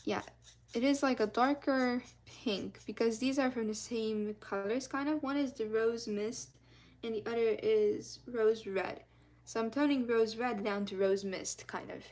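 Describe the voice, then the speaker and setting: A woman's voice: fairly high pitch, steady tone, unhurried, darkish tone. A woman streaming live as she colors, chatting in a rambling, casual way and thanking her viewers often.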